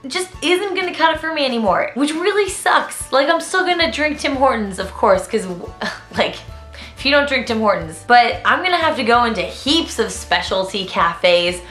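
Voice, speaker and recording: A woman's voice: on the high side, animated, normal speed, a bit bright, soft background music. A young woman, vlogging in a rambling, chatty way that drifts off on tangents. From Canada. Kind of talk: casual chat. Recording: roomy echo.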